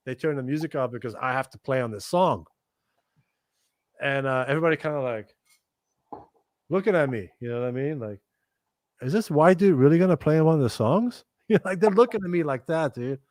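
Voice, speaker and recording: This middle-aged man, appearing as a guest musician, recounts stories in relaxed talk, full of energy and profanity, imitating others as he goes. The delivery is fast and medium-pitched, and the recording is dry.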